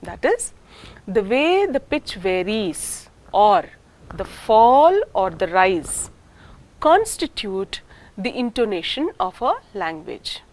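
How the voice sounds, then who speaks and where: A woman lecturer with an Indian English accent, explaining step by step in a slow, deliberate recorded lesson. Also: mid-range voice, very animated, darkish tone.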